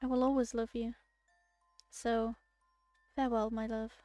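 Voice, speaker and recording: A woman's voice: on the high side, level tone, unhurried, dark tone, dry recording, muffled recording, faint music behind, lightly acted. A woman voicing a heartbroken young woman in a game, reading her farewell lines tenderly and earnestly.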